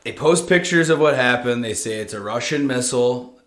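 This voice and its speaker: A man's voice: medium pitch, moderate pace, a bit bright. A man co-hosting a podcast, chatting loosely with profanity and jokes. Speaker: podcast co-host. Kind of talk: casual chat.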